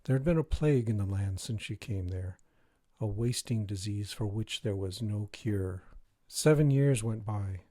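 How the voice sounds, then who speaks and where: A man reading a dark fairy tale aloud in a measured, even way. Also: on the low side, no room sound. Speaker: reader. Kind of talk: storybook reading.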